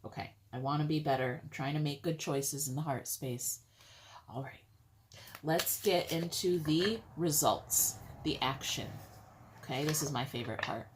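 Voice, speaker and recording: A woman's voice: deep voice, normal speed, a little hiss or hum. A woman giving a casual tarot reading to her viewers, chatty and blunt, with some swearing. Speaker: tarot reader.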